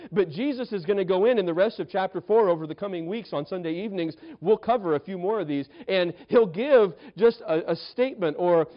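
Man preaching with a slightly high voice. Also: dull audio. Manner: storytelling with many restarts and acted quotes. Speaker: pastor. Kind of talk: sermon.

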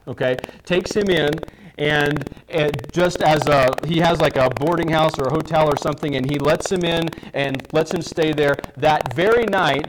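Pastor preaching with casual restarts. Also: male voice, a little high, background noise. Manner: casual, rambling, with many restarts. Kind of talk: sermon.

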